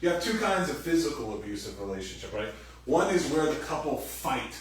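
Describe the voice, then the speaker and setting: A man giving a sermon as pastor, animated and conversational, acting out quoted voices loudly. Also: a little high, brisk. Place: church hall. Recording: very echoey room, distant mic, faint noise.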